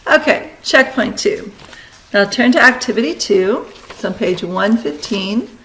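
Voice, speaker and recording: A woman teacher giving a recorded lesson, talking students through steps in brisk, directive instructions. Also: medium pitch, animated, fairly bright tone, rough recording.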